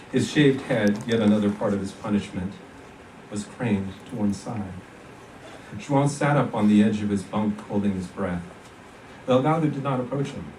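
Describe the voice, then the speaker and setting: A man reads his own fiction aloud at a conference with a steady, even delivery. His voice is fairly low and lands from a distance. A roomy echo and faint background hum fill the space. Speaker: author reading his fiction. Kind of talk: literary reading. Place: conference reading room. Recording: echoey hall from far off.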